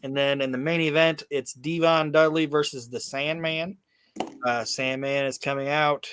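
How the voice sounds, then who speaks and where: A podcast host recaps a wrestling match he watched, his voice a little high and his pace moderate. He chats casually, rambling and swearing through an animated story packed with fillers and restarts. The recording is clean, with no echo.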